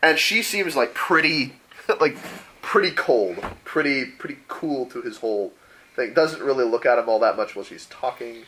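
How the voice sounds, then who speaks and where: A man's voice: medium pitch, moderate pace, sharp tone, slight background noise, rough recording. A man running a tabletop role-playing game as game master, narrating casually with frequent fillers and laughter. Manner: laughing, rambling, lots of fillers.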